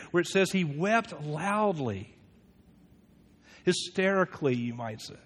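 A man preaching a sermon as pastor, earnest and questioning, moving from a hushed prayer to animated teaching. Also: fairly high pitch, in a large hall.

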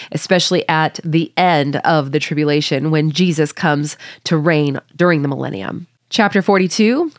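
Woman, lower register, dry close mic, reads scripture then muses casually. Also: no room sound. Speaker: Bible study teacher. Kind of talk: Bible reading with commentary.

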